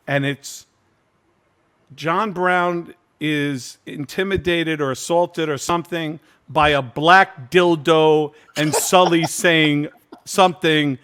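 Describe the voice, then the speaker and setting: A man's voice: fairly high pitch, steady tone, takes it slowly, fairly bright tone, clear, resonant tone. A man in his fifties hosting a casual video-call reunion, telling a candid, profane story and acting out what people said. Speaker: host.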